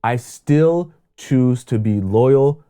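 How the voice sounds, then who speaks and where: A man's voice: medium pitch, drawn-out words, mellow, smooth, pitched below the performer's own voice. A man voicing a loyal boyfriend talking himself through temptation in an earnest inner monologue.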